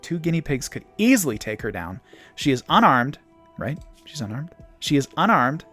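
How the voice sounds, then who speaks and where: A young man plays a colony strategy game for a stream, narrating every event in a playful, chatty way. His pitch swings widely as he reacts, from low mutters to excited shouts. Faint music sits under the voice. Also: moderate pace, slightly rough. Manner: lively, reads game events aloud, playful. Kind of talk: casual gameplay commentary. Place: home.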